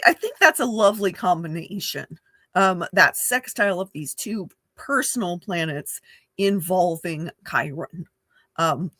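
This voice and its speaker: Chatty lady astrologer, lots of ums and giggles, goofy little quote voices, unhurried. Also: on the low side, fairly bright tone, dry recording. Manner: chatty, laughs often, many fillers; acts out playful quoted voices. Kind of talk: casual spoken forecast.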